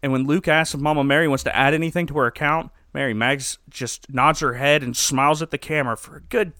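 A man's voice: on the high side, steady tone, quick pace, pushed and bright, no echo. Wry man recapping with dry sound. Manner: wry, joking recap with chuckles. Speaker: podcast host. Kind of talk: casual comedic commentary.

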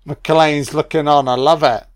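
Drunk, slow-talking man. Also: a little high, no echo, clean studio sound. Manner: rambling, sweary, excitable. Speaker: film commentator. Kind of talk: audio commentary over a film.

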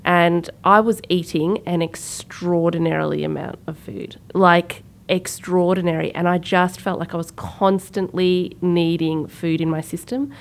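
Woman, thirties, podcast co-host; low, slightly fried voice, chatty storyteller who acts out quotes. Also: steady tone, measured pace, gravelly, few pauses. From Sri Lanka. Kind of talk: casual conversational storytelling.

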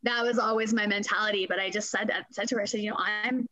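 A woman's voice: mid-range voice, steady tone, fast talker, pushed and bright, dry recording, poor audio. A woman, talking candidly in a casual interview, swearing freely and acting out quotes. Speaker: guest.

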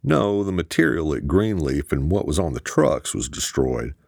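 Guy reading a cagey colonel, calm and measured, super deep voice, dry sound. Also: gravelly, husky, no echo, heavily acted. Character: stern gruff male colonel, guarded.

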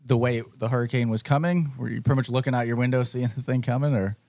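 A man's voice: mid-range voice, fairly even intonation, quick pace, a little mellow. A man hosting a podcast, asking curious follow-up questions in casual conversation. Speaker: podcast host.

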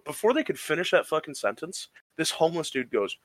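A young man tells a rambling party story on a casual podcast, jumping into voices for everyone he quotes. His pitch swings widely and sits a bit high for a man. The sound is close and dry, with no room around it. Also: quick pace, no echo, poor audio. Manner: animated, profane storyteller acting out quotes. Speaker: podcast co-host.

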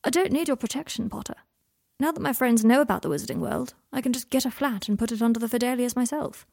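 A woman's voice: fairly high pitch, lively intonation, fast, creaky, darkish tone, pitched above the performer's own voice. A woman voicing a proud, guarded young man in an audiobook, clipped and prickly in manner. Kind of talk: audiobook character voice.

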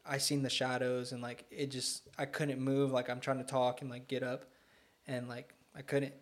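A young man tells stories in a casual chat with friends, rambling and filling his speech with "like". His voice stays flat, with little rise and fall. It sits at an ordinary middle pitch. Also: normal speed. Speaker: guest. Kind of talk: casual storytelling.

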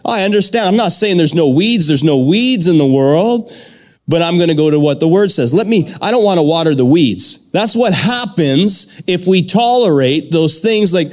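Man, pastor, fervent sermon, fairly high voice, repetition, call-and-response. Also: animated, moderate pace.

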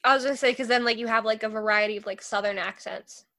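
A woman with a fairly high voice talks in a relaxed podcast chat. She hedges her way through sentences with many fillers and pauses, searching for words. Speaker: podcast co-host.

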